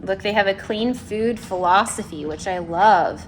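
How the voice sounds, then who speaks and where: A woman's voice: mid-range voice, normal speed, hardly any pauses. Woman vlogging at home with her dogs, chatty and easygoing, noticeable background noise. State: close to tears with joy. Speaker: vlogger and service dog handler. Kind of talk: casual home vlog.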